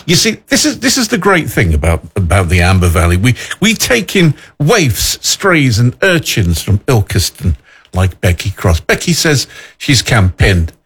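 A man's voice: mid-range voice, huge pitch swings, normal speed, a bit bright, husky. A man hosting a local morning radio show, chatty and rambling, full of self-deprecating asides. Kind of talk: casual radio chat.

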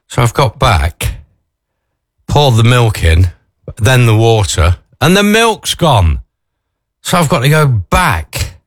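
A man's voice: mid-range voice, very animated, takes it slowly, pauses often, no echo, clean studio sound. A man talking casually to camera in a chatty, wry way, full of asides. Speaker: vlogger. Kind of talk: casual morning chat.

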